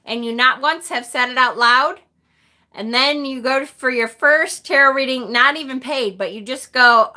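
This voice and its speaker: A woman's voice: high voice, normal speed, bright, forceful tone. A woman hosting a live tarot stream, talking casually and animatedly with the occasional mild swear.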